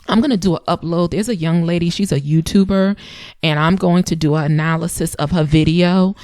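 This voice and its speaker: Woman host, thirties, low-pitched and chatty, emphatic repeats, dry close-mic sound. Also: fairly even intonation, a little fast, darkish tone, no room sound. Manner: emphatic, conversational, with repeated phrases. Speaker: channel host. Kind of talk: casual advice talk.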